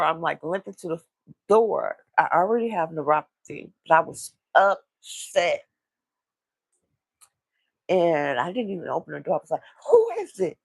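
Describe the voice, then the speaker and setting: A woman talking in a casual, confessional vlog monologue, rambling and halting with repeated restarts, in a low, vulnerable mood. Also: vocal fry, dry recording. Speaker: vlogger.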